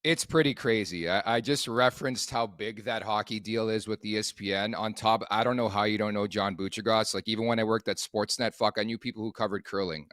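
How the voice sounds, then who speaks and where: A man's voice: lowish voice, fairly bright tone, no room sound, studio quality. A Canadian man hosting a hockey talk show, chatting bluntly with cursing and laughing asides. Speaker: podcast host. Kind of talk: casual sports chat.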